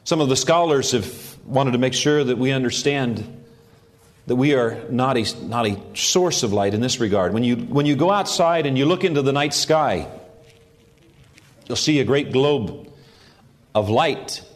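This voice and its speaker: A middle-aged pastor delivers a sermon in an earnest, steady voice. His pitch sits in an ordinary middle range for a man, and he lifts it to press home key phrases. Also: unhurried. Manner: earnest preaching with rising emphasis on key phrases.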